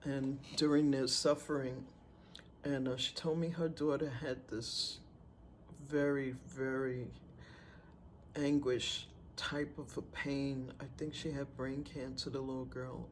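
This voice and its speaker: A man telling a personal story in an unhurried, halting way with fillers and pauses. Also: mid-range voice, flat delivery, slight background noise. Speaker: storyteller sharing a personal testimony.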